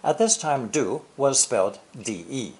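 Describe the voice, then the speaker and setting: Older man teaching with lively intonation. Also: mid-range voice. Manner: deliberate, stressing key words with sweeping intonation. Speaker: English teacher. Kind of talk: scripted explanatory lesson.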